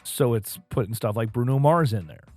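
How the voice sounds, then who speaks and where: A man's voice: mid-range voice, animated, normal speed, a little mellow, no echo, faint music behind. A man co-hosting a casual podcast, chatting in a rambling way full of fillers and asides. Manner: rambling, filler-heavy, laughs at own asides. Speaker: podcast co-host. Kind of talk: casual chat.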